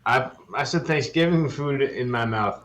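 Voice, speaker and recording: A man's voice: mid-range voice, moderate pace, fairly bright tone. A young man co-hosting a podcast in casual chat, laid-back and teasing. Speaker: podcast co-host.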